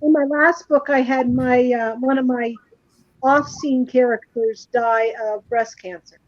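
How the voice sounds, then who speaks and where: A woman's voice: high voice, fairly even intonation, unhurried, darkish tone, dry recording. Hesitant woman on dull lo-fi audio. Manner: hesitant, thoughtful, many ums. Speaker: guest author. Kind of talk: casual panel chat.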